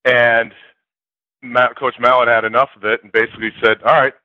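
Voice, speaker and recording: A man's voice: mid-range voice, normal speed, no room sound, muffled recording. An older man, a former player, telling stories in an interview and acting out the quotes with a laugh. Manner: animated storyteller, acts out quotes loudly, laughs often. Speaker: former college football player, guest. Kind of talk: interview storytelling.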